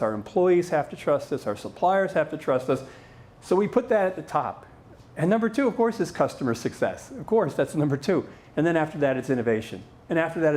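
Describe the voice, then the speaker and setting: Brief: middle-aged male keynote speaker, lively swooping delivery, slightly high voice, teasing asides. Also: slight background noise. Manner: playful, joking asides to the audience. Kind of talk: live conference talk.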